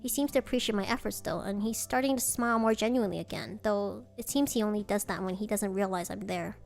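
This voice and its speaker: A woman's voice: mid-range voice, fast, creaky, soft background music. A woman streamer reading a visual novel aloud, breaking off to react with dismay.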